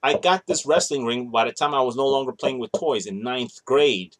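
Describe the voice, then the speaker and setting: In a mid-range, slightly bright voice at normal speed, a thirtysomething toy collector chats his way through a show-and-tell vlog. He rambles, shows off his toys, and keeps correcting himself mid-sentence.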